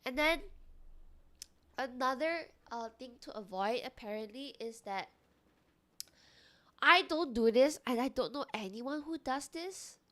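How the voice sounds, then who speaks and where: Slow-talking, animated young woman streamer. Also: high voice. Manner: animated, exclaims loudly at chat comments. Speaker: streamer chatting with viewers. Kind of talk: casual stream chat.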